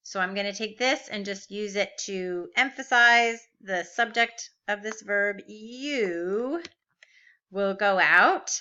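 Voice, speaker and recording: Slow, bright-voiced woman teaching grammar. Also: medium pitch, muffled recording. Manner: patient, walks through forms step by step, asks rhetorical questions. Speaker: Biblical Hebrew teacher. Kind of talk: recorded classroom lesson.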